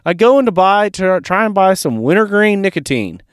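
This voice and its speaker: A man's voice: high-pitched, a little fast, clean tone, no room sound, studio quality. A man from Georgia, casually telling a story as a podcast co-host, swearing freely. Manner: animated, casual, swears freely, says dude.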